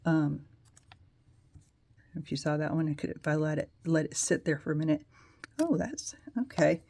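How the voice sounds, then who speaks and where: A woman with a lowish voice walks viewers through a nail polish how-to in a loose, chatty way. She rambles and pokes fun at her own wording. The sound is dry and close, with no room echo. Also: expressive, moderate pace, vocal fry, dark tone. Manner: chatty, rambling, self-deprecating asides. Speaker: nail polish tutorial host. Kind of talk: casual how-to demonstration.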